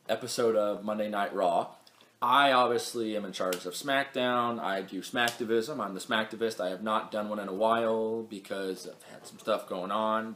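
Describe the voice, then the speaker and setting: A man's voice: on the low side, fairly bright tone, reverberant, slight background noise. A young man hosting a casual wrestling recap vlog, chatty and rambling, stumbling over words and correcting himself. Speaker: wrestling show recap host.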